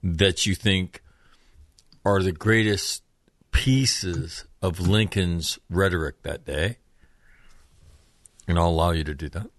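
A man with a very deep voice hosts a podcast, asking questions and ribbing his guests in a measured, teasing way. His voice sounds dry and close, with no room around it. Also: no room sound. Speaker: podcast host. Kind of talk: casual chat.

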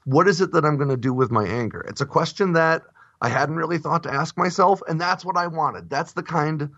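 A man's voice: on the high side, fairly quick, fairly bright tone, no echo. A man hosting a casual podcast conversation, speaking in a reflective, plain-spoken way. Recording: dull, lo-fi dry recording.

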